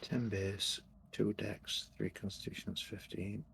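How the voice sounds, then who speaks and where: Low gravelly husky player. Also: male voice, little pitch movement, a little slow, a bit bright. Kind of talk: casual tabletop game chat.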